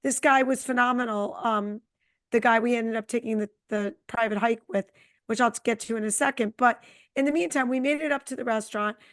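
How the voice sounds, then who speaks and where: A middle-aged woman co-hosting a podcast, chatting casually and telling a long, animated travel story. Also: a little high, brisk. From Connecticut. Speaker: podcast co-host. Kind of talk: casual chat.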